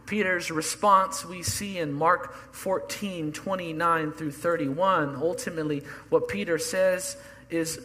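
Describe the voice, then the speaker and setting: A man's voice: on the high side, steady tone, measured pace, sharp tone. A man preaching a sermon as pastor, earnest and building emphasis through repetition. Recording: long hall reverb.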